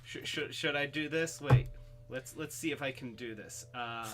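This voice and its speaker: On a webcam mic with a noisy background, a man with a medium-pitched voice hosts a casual toy live stream. He rambles and halts, restarting often and filling gaps with fillers, and refers to himself by a nickname in the third person.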